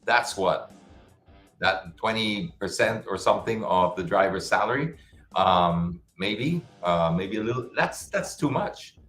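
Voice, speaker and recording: A man's voice: sits low, measured pace, fairly bright tone. A middle-aged man hosting a live-stream show, answering viewer questions in a casual, frank way with many restarts. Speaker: show host. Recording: roomy echo with faint music behind.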